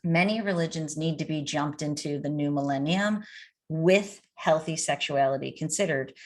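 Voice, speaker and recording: A middle-aged woman with a slightly low voice answers questions as a coach. She talks in an animated, storytelling way and uses everyday anecdotes. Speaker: addiction coach. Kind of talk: conversational interview answers.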